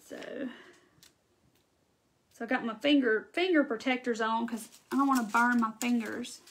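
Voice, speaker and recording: Southern woman, middle-aged, high voice, chatty live-stream crafter who thanks viewers. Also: steady tone, moderate pace, fairly bright tone, slight background noise. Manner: chatty, reads out and thanks viewers' comments while working. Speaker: craft livestream host. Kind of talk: casual live crafting chat.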